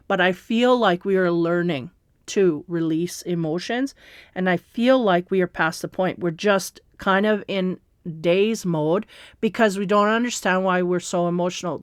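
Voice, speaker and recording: Smooth-voiced woman giving a slow tarot reading. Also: lowish voice, dry recording, studio quality. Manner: slow, meandering, reassuring, with fillers and soft laughs. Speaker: tarot reader. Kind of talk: spiritual tarot reading, casual monologue.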